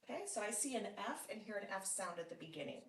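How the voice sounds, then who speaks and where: A woman teaching a one-on-one phonics lesson, patient and encouraging, with frequent praise and slow, deliberate sounding out of words. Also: medium pitch, animated, far from the mic. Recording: roomy sound from off mic.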